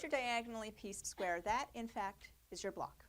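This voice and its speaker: A woman's voice: a little high, normal speed, a crowd in the background. Chatty woman teaching a quilting demo. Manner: chatty, upbeat, with fillers and little laughs. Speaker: quilting instructor. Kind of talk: casual demonstration lesson. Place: studio.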